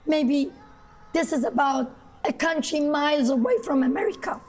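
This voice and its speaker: A woman with an Iranian accent speaking hoarsely after losing her voice, giving an impassioned live TV interview as a guest journalist. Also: sits high, darkish tone. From Iran. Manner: impassioned, emphatic. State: hoarse, lost voice.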